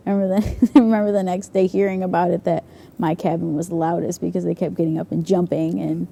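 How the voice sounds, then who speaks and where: A woman's voice: on the low side, flat delivery, fast, gravelly, dark tone. A young woman youth leader chatting casually, giggling and saying "like" a lot as she tells stories. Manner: bubbly, giggly storyteller, says "like" a lot. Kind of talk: casual chat.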